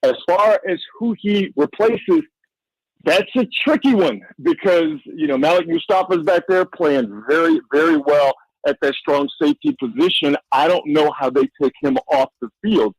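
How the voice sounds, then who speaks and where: Animated man giving football analysis. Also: normal speed, no room sound, poor audio. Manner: animated, playful, rising pitch when joking. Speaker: NFL insider guest. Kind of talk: casual sports radio analysis.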